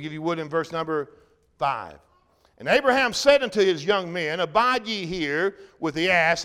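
Preacher guy reading scripture, clear smooth voice, long echo like a big hall. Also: high voice. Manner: reads King James scripture aloud with brief comments, swells loud then drops to a hush. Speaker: pastor.

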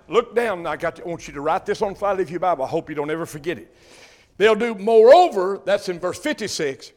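An older man with a drawl delivers a fiery sermon. His voice sits high and ringing, and he swells to loud emphasis on the words that matter. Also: expressive, fast. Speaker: pastor.

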